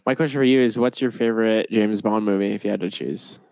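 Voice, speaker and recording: A young man co-hosting a podcast, rambling and animated in casual chat. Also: fairly low pitch, quick pace, gravelly, dry recording. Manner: rambling, animated, laughs at own jokes. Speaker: podcast co-host.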